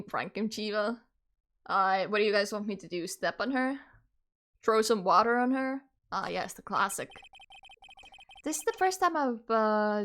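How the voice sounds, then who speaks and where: A woman streaming a game, reading its text aloud and joking with her chat. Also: medium pitch. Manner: chatty, jokey, talks to chat.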